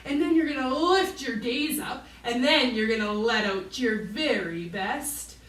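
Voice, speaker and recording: A woman's voice: on the high side, a little slow, a bit bright, recorded from a distance. A woman leading a children's yoga class, playful and encouraging, making animal sounds for the kids. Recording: roomy echo, voice from off mic.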